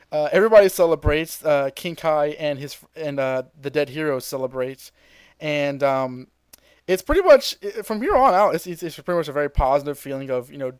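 A male podcast host in casual chat, animatedly retelling a cartoon fight and slipping into character quotes. His voice is smooth and a bit high. The sound is dry and close. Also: no echo, low-quality recording. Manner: animated storytelling, often laughs and acts out quotes.

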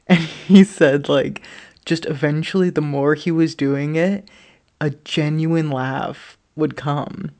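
Someone in their thirties, speaking slowly with a medium-pitched, darkish voice, shares a candid personal story. They ramble, lean heavily on "like," and swear casually.

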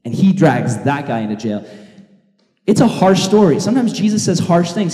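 Male pastor, relaxed, lively sermon delivery, mellow tone, roomy hall sound. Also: sits high, a little fast. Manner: casual, energetic storytelling. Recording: echoey hall reverb.

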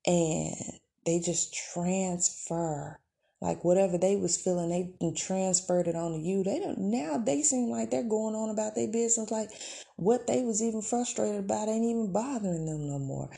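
A woman's voice: fairly low pitch, creaky, warm tone. A woman, hosting a podcast and giving encouraging, conversational advice in a casual monologue. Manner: encouraging, conversational, faith-filled. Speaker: podcast host.

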